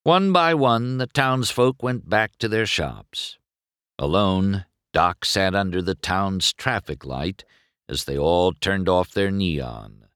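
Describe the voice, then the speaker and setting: A man reading a children's storybook aloud in an expressive, unhurried way. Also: low voice, smooth, no room sound, studio quality. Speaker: storybook narrator.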